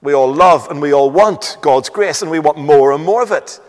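Emphatic preacher with rhetorical questions. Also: male voice, a little high, moderate pace, long reverb tail. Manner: emphatic, rhetorical questions, reads scripture aloud. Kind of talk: sermon.

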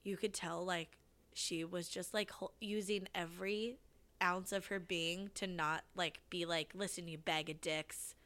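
A woman telling a story in casual chat, animated and acting out the voices of the people she quotes. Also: lowish voice, unhurried.

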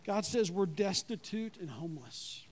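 Man, pastor, sermon, conversational, asks the congregation questions, fairly high voice. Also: lively intonation, moderate pace, a little hiss or hum. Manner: drops to a low, quiet voice when quoting God.

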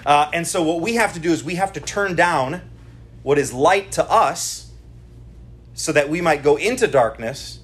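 Male pastor, middle-aged, husky voice, chatty sermon, keeps asking the room if they follow. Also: fairly high pitch, a little fast, hardly any pauses. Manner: chatty, keeps checking in with the congregation. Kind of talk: conversational sermon. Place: church service.

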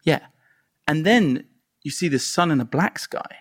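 An animated man, a filmmaker, tells stories with a gravelly rasp and a slightly high voice. His delivery is lively and playful. The sound is close and dry, with no room around it. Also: unhurried, no echo. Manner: lively, laughing, acts out crowd reactions. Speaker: filmmaker and guest. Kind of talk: animated storytelling in conversation.

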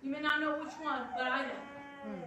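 A woman from Long Island, New York giving an earnest, emphatic spoken testimony to a congregation, with drawn-out pauses. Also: high-pitched, flat delivery. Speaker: program assistant director giving testimony. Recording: very echoey hall, distant, noisy.

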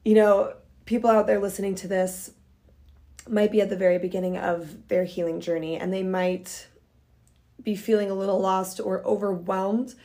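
A woman's voice: medium pitch, normal speed. Gushing young woman podcast host. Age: young adult. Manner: gushing, excitable, lots of "oh my gosh" and "like". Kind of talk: casual podcast interview.

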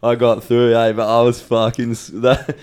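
A man chats loosely on a podcast as a band guest, his voice smooth and resonant at a middling pitch. He tells the story in fast, profane bursts and acts out the other people's lines. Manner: animated, profane storytelling with acted-out quotes. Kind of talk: casual beer podcast chat.

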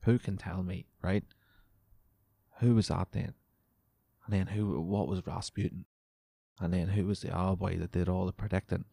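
A man's voice: low voice, fairly even intonation, moderate pace, creaky, long pauses, warm tone, dry recording, clean studio sound. A young man, a podcast host ranting casually and sarcastically, swearing as he reads news items aloud.

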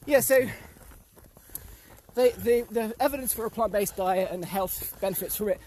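A man's voice: high-pitched, normal speed, warm tone, a little hiss or hum. Impassioned man ranting while walking outdoors. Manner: impassioned, repeated rhetorical questions. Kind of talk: casual chat.

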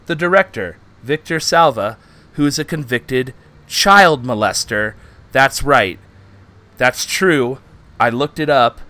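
A man hosting a casual quiz segment, reading descriptions aloud and announcing who gets the point. His voice is bright and forceful at a middling pitch. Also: lively intonation, slow pace. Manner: reads out questions and scores, laughs easily. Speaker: podcast host running a quiz. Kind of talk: casual chat.

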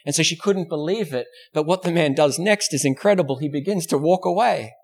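A man's voice: on the high side, brisk, husky. Man preaching a story-driven sermon. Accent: Australian. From Australia. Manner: storytelling preacher, acts out quoted voices; asks rhetorical questions. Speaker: pastor. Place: church.

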